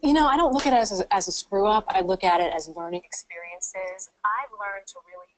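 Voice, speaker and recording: A woman's voice: mid-range voice, a little fast, rough recording. A woman job candidate in an interview, speaking earnestly and pleading. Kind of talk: job interview and role-play.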